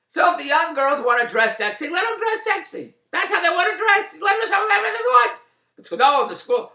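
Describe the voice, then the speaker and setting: A man's voice: very high-pitched, big pitch swings, fairly quick, bright, forceful tone, reverberant. A man delivering a rambling, indignant opinion monologue, repeating himself. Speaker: commentator.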